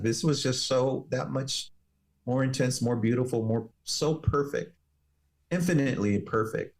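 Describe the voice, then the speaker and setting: A man, a firefighter and paramedic, telling a personal story as an interview guest in an earnest, measured way. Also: mid-range voice, vocal fry, a little mellow.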